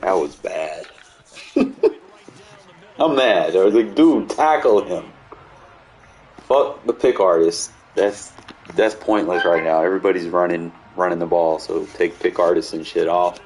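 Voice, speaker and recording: Man, very deep voice, gravelly, frustrated casual gameplay commentary, swears. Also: fairly even intonation, normal speed. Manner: frustrated, swears, yells at players. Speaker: gamer commentating his own play.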